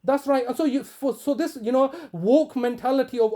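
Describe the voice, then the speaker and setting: Insistent and halting, this mellow-voiced man speaks very high and keeps repeating himself and restarting with stumbles. He's a campaigner arguing heatedly with a solicitor over the phone before turning to address the camera.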